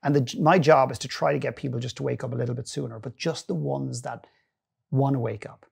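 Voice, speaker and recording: A middle-aged man speaks as an interview guest, telling his stories earnestly and with plenty of life. His voice is gravelly and husky, and he often stops to restart a sentence. He sits at a middle pitch for a man. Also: a little fast. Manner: earnest, animated storytelling with frequent restarts. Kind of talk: storytelling in a long-form interview.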